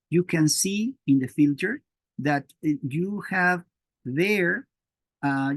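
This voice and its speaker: Slow, halting male lecturer, dry sound. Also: mid-range voice, a little mellow, no echo. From Mexico. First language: Spanish. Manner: halting, many "uh" fillers and restarts. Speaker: biochemistry lecturer. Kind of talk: academic lecture.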